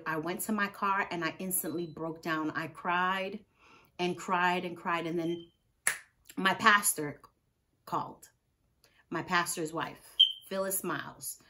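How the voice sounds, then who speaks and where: A woman, a nurse, telling a personal story in a casual storytime vlog, earnest and heartfelt, acting out what others said. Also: lowish voice. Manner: lively storyteller who acts out others' words. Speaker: vlogger.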